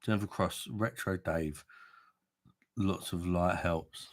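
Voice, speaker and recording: A man with a very low voice hosts a relaxed beer livestream from a room at home. He banters loosely and reads out comments from his viewers. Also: slow. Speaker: beer review livestream host. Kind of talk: casual livestream chat.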